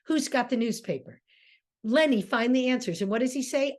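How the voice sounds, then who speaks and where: A woman's voice: fairly high pitch, lively intonation, brisk. A woman giving a classroom lecture as a theater director, emphatic and full of rhetorical questions.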